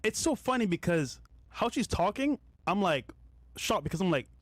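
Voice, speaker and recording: A man co-hosting a podcast, chiming in with quick reactive remarks. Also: high-pitched, sing-song, no room sound. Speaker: podcast co-host. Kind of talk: casual podcast commentary.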